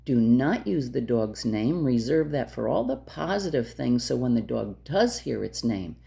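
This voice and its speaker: Low gravelly-voiced woman dog trainer. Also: very animated, a little slow, warm tone. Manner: direct, emphatic, repeats key points. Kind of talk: instructional talk to camera.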